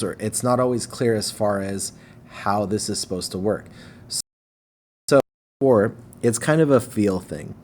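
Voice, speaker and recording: A man with a somewhat low voice walks through a recorded lesson at an easy pace. He checks in with listeners again and again and slows down to stress syllables when it matters. A faint hiss of room ambience sits under the voice. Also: a little mellow. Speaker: teacher.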